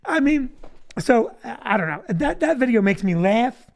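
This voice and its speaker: A man's voice: very high-pitched, sing-song, moderate pace, creaky. A middle-aged man hosting a comedy talk show, telling rambling, wry stories in casual chat. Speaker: comedian host.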